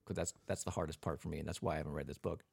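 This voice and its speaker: A man's voice: very deep voice, fairly even intonation, rapid-fire, vocal fry, darkish tone, slightly rough. A man co-hosting a podcast in a studio, chatting casually and rambling with fillers. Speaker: podcast co-host. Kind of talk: casual chat.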